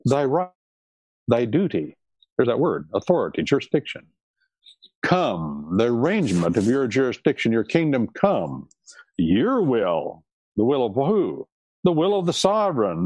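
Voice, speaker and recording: Man, preacher, emphatic sermon delivery, lively swooping pitch, dry close sound. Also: dry recording. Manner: emphatic, repeats key words. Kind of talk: sermon on law and scripture.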